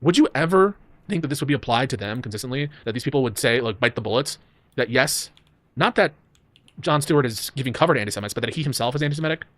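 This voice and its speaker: A man's voice: medium pitch, lively intonation, quick pace, a bit bright, dry recording. A man in a debate discussion, speaking in a defensive, insistent way.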